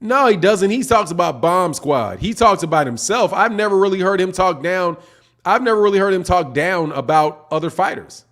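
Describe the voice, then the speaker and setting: A man's voice: high voice, expressive, normal speed, a bit bright. Slangy man hosting a boxing livestream. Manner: laid-back slangy talk, says man and dog often. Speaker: boxing channel host. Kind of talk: casual livestream commentary, reading chat.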